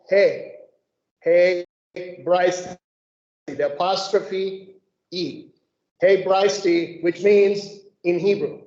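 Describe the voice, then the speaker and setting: A woman leading a group Bible study, explaining slowly and methodically and often checking in with "okay?". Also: lowish voice, warm tone. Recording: echoey room, dull lo-fi sound.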